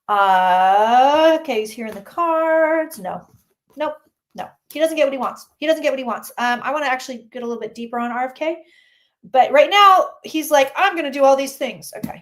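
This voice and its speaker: A woman, a psychic reader, chatting through a live-streamed tarot reading and answering questions from the chat. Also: a little high.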